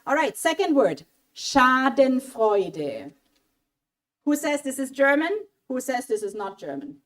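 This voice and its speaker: A woman running an interactive quiz for a college audience in a hall, lively and coaxing as she asks for votes. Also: high voice, moderate pace. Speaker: German language speaker at a college event. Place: auditorium mini hall. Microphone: handheld mic.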